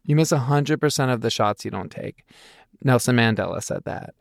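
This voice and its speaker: A man's voice: mid-range voice, expressive, normal speed, creaky, no echo, studio quality. A man narrating an audiobook voices a cheerful, rambling young man who talks about himself without a filter. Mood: cheeky. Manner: rambling, chatty, self-deprecating.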